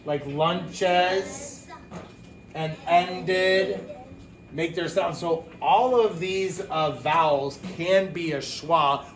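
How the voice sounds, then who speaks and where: A man teaching a phonics lesson to young children, talking casually, with quick asides and self-corrections. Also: a little high, a bit bright, slight background noise.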